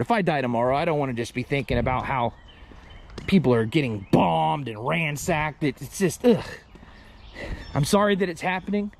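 A man's voice: mid-range voice, a little hiss or hum. A man vlogging alone on an outdoor trail, joking and chatting to his viewers nonstop. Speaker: paranormal explorer vlogger. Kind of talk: rambling solo commentary.

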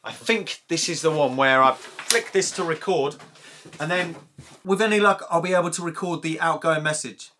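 A man's voice: fairly high pitch, normal speed, background noise. A man casually demonstrating an old machine, chatting and thinking aloud as he tinkers. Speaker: museum owner demonstrating an answering machine.

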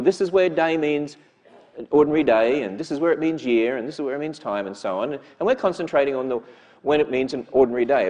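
A man speaks to a church audience in a lecture style. His voice sits a bit high and swings widely in pitch as he presses each point. He keeps tossing rhetorical questions back at the listeners. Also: a little mellow. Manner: emphatic, with frequent rhetorical questions.

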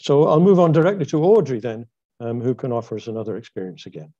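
A man moderating an online group discussion, handing over to the next speaker in a measured, formal way. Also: mid-range voice, big pitch swings, warm tone, dull audio.

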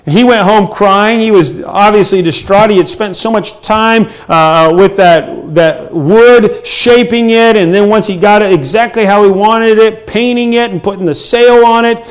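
A man's voice: sits high, moderate pace, few pauses. A middle-aged male pastor preaching a sermon, earnest and emphatic, with frequent hesitations.

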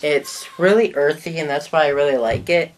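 A woman's voice: low voice, moderate pace, a little hiss or hum. A woman vlogger in a casual show-and-tell talk to the camera, chatty and rambling, often trailing off mid-sentence.

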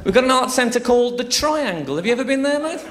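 A man's voice: very high-pitched, animated, quick pace. A man with a Birmingham accent doing live stand-up in a theatre, chatty and bawdy, bantering with the front row. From West Midlands, England. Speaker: stand-up comedian. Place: theatre stage before a live audience. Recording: live theatre with loud audience laughter.

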